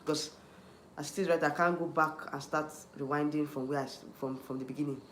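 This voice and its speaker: A man's voice: on the high side, fairly even intonation, fairly quick, fairly bright tone, reverberant, slight background noise. A man with a Nigerian accent hosting a livestream, ranting heatedly, repeating himself and restarting often while answering chat. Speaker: YouTube livestream host.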